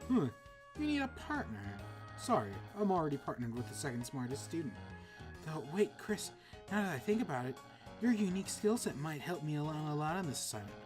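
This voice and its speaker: A woman's voice: low voice, sing-song, brisk, music in the background. A woman voicing a smug, boastful male bird student with a snooty, condescending manner.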